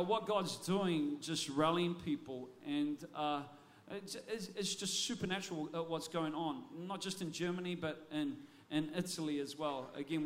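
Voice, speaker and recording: A man preaching a sermon as a pastor, energetic and often repeating words as he restarts his phrases. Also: fairly high pitch, a little hiss or hum.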